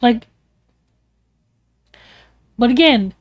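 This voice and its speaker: A woman's voice: sits high, fairly even intonation, slow pace, pauses often, a little mellow, dry recording, clean studio sound. A young woman streamer venting in a casual, rambling way, emotional and swearing often.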